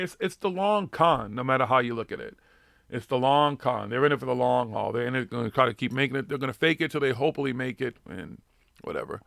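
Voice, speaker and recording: A man's voice: medium pitch, gravelly, a bit bright, no room sound, clean studio sound. A man with a Boston accent hosting a live radio show, rambling and swearing constantly in brash, casual chat. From Boston, USA.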